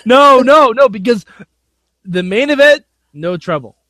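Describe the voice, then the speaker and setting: A man co-hosting a wrestling podcast, excitable and goofy, laughing often. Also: very high-pitched, a little slow, no echo. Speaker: podcast co-host. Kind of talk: casual podcast chat.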